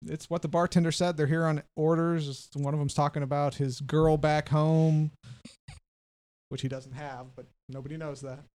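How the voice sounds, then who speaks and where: A man's voice: on the high side, moderate pace. Laid-back man running a tabletop game. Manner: relaxed, jokey, laughs often. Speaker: game master.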